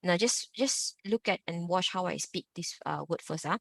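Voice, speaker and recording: A woman's voice: on the low side, lively intonation, a little slow, sharp tone, no room sound. Patient woman teaching Mandarin. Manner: patient, repetitive drilling with "ah" and "lah" tags. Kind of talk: online language lesson.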